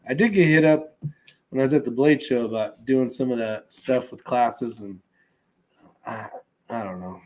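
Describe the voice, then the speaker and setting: Male livestream host, relaxed and rambling, mid pitch, casual chat delivery. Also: normal speed, pauses often, a little hiss or hum.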